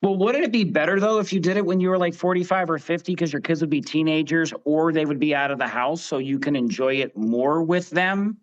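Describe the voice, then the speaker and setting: An upbeat man with a fairly high voice hosts a casual roundtable podcast. He keeps the talk moving by turning to each guest with a question. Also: brisk, hardly any pauses, highs cut off. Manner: upbeat, quizzes the others in turn. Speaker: podcast host.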